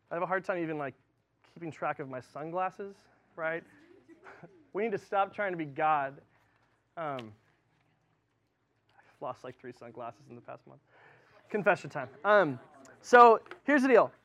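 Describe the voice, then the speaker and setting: Casual high-voiced male preacher. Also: a bit bright. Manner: chatty and informal, lots of fillers and restarts. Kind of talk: casual sermon.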